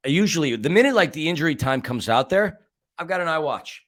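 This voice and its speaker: Male podcast co-host, slightly high voice, dramatic storyteller with joking asides. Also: expressive, fast, a bit bright. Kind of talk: fan podcast match recap.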